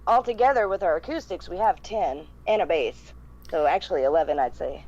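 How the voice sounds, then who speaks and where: A woman who is a podcast guest, chatting casually, relaxed and candid, laughing easily. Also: on the low side, brisk, lo-fi sound. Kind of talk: casual chat.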